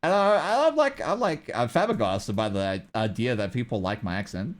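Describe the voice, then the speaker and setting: A man's voice: mid-range voice, moderate pace. A young man from South Africa with a South African accent, chatting casually and rambling with his livestream viewers. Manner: rambling, lively, laughs often.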